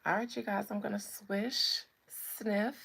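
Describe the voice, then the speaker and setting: A woman hosting a live spiritual chat stream, talking casually and greeting viewers by name in a relaxed way. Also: medium pitch, takes it slowly, gravelly, breathy edge.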